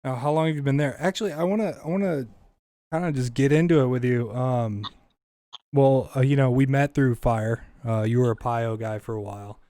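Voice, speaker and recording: Male podcast host, mid pitch, easygoing, dry close sound. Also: fairly quick, mellow, no room sound. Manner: friendly, loose, many filler words. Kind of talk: casual podcast interview.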